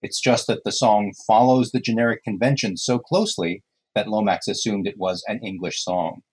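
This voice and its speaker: Husky, low-voiced male co-host. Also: steady tone, moderate pace, a little mellow, low-quality recording. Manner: enthusiastic, explanatory. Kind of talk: casual podcast talk about folk songs.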